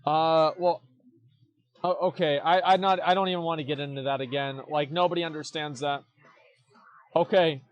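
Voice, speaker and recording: A young man with a slightly high voice gives casual commentary on a stream. He talks bluntly and mockingly, swears often, and stumbles over repeated words as he starts his points. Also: steady tone, moderate pace, pauses often, lo-fi sound. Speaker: streamer reacting to forum posts.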